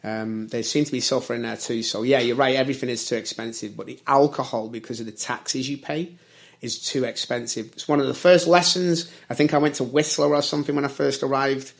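A man's voice: medium pitch, steady tone, fairly quick, vocal fry. A man in his thirties from the United Kingdom, chatting casually and rambling, correcting himself often with many fillers. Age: 30s. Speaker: service worker and conversation guest. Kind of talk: casual chat.

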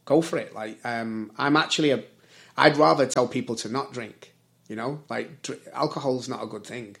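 A man's voice: mid-range voice, normal speed, vocal fry, a bit bright. A man in his thirties from the United Kingdom, chatting casually and rambling, correcting himself often with many fillers. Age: 30s. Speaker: service worker and conversation guest. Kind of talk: casual chat.

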